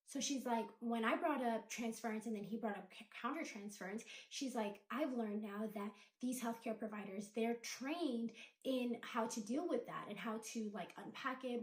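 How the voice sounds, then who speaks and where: Woman, storytime commentator, higher voice, chatty retelling, echoey room. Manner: chatty, quotes people in dialogue, many "like" and "da, da, da".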